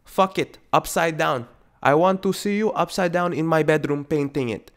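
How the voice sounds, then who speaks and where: A man putting on a shrill scolding immigrant parent. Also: big pitch swings, measured pace, heavily acted. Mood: angry scolding. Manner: shouting, repetitive scolding in broken speech. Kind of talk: comedic rant impression.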